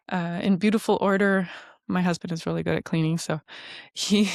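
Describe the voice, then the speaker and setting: A woman's voice: fairly low pitch, dry recording, studio quality. A middle-aged woman hosting a podcast, talking in a chatty, reflective way with many fillers. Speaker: podcast host. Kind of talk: casual podcast monologue.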